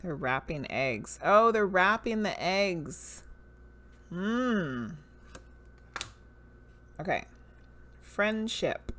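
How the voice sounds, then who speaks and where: Slow, lively Southern woman streamer. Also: fairly low pitch, a little hiss or hum. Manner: musing, reads card names aloud, chats with viewers. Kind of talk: casual livestream chat.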